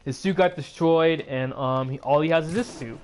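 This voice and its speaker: A man with a fairly high voice retells a movie in a loose, rambling vlog recap, leaning on fillers as he goes. He sounds sleepy and keeps yawning. His throat is sore from all the talking. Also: normal speed, a little mellow. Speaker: YouTuber.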